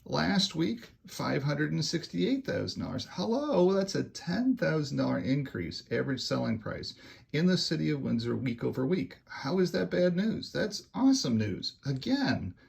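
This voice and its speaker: A man's voice: on the high side, sing-song, creaky, slightly rough. A man giving a casual market update as a real estate agent, emphatic and repeating his numbers, speeding up when he makes a point. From Canada. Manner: emphatic, repeats figures, gets louder and faster when making a point.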